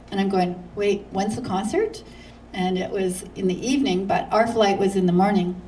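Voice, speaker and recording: A woman guest speaker from Canada telling a lively story at a church, acting out other people's lines and laughing often. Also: medium pitch, moderate pace, far from the mic, a little hiss or hum, poor audio.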